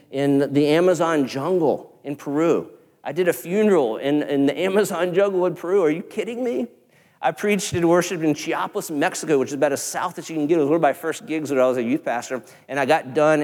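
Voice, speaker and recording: A man's voice: fairly high pitch, darkish tone. A male pastor preaching a sermon in an earnest, conversational way, with rhetorical questions. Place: church sanctuary. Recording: church hall with long reverb.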